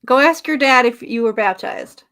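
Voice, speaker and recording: A woman's voice: a little high, expressive, normal speed, a bit bright. A woman co-hosting a casual podcast chat, laid-back and teasing. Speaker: podcast co-host.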